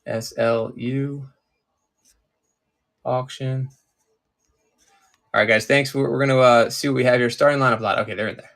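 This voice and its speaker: A man from Maryland hosts a casual collectibles auction on a live stream, chatting with viewers while sorting his stock. His average-pitched voice is gravelly yet fairly bright, with fairly even intonation at a normal speed. He speaks loosely and distractedly, with long pauses as he often stops to search for things.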